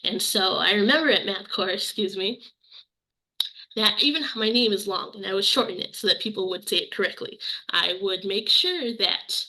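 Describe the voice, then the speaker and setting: A young woman walks an online audience through her program's principles. Her voice is bright and forward, and she talks earnestly and personally, often circling back to the same phrases for emphasis. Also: mid-range voice, moderate pace, low-quality recording. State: briefly emotional. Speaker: program presenter. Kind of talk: webinar presentation.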